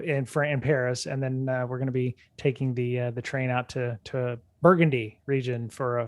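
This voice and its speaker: A man's voice: mid-range voice, a little mellow, dry recording. A man co-hosting a security podcast in casual chat, rambling with many fillers and restarts, speaking from a hotel room. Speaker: podcast co-host.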